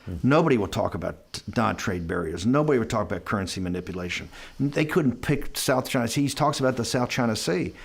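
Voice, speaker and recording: Man, interview guest, middle pitch, casual storytelling, rambling, self-interrupting, acts out quoted dialogue. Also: animated, fast talker, vocal fry, breathy edge.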